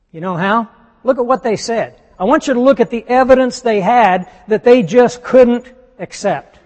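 Brief: male preacher, high voice, emphatic sermon delivery with rhetorical questions, long hall reverb.

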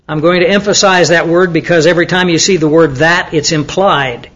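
A man's voice: high-pitched, normal speed, hardly any pauses, a bit bright, poor audio. A man teaching the Bible to students in a conversational way, often asking them questions. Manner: conversational, asks the audience questions, with fillers.

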